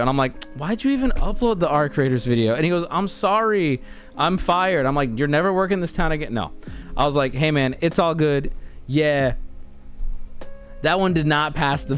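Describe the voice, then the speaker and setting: A man's voice: mid-range voice, lively intonation, moderate pace, faint music behind. Laid-back American man rambling on stream. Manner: rambling, laid-back, often restarts and laughs mid-sentence. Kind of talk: casual stream chat.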